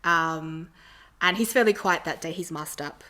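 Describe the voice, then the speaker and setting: Bright-voiced woman telling stories. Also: low-pitched, measured pace. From Australia. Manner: animated, laughs often while telling stories. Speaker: podcast guest. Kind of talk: casual storytelling interview.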